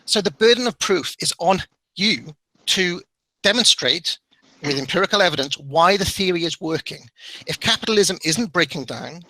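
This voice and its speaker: A man's voice: high-pitched, animated, normal speed, pushed and bright, dry recording, low-quality recording. A man in a heated online debate on a voice call, exasperated, swearing and repeatedly trying to cut in.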